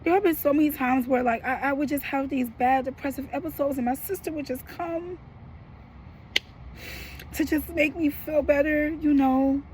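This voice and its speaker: A woman's voice: high voice, fairly even intonation, moderate pace, a little mellow, a little hiss or hum, poor audio. A woman in her thirties talking frankly to her viewers in a personal vlog, emotional and slangy, with a frustrated edge. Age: 30s. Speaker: vlogger.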